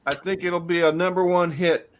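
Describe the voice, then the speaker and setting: A man's voice: high voice, steady tone, moderate pace. A man on a group call who teases the others in a dry, amused way. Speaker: participant in an online drone pilots' chat. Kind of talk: casual group call banter. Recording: call audio with loud background noise.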